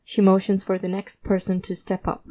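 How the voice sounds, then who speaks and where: In a mellow, warm, mid-range voice, a woman reads aloud a fiction story told in the first person. She keeps her delivery measured and steady, with a quiet tension underneath, and it comes across as scripted audiobook narration.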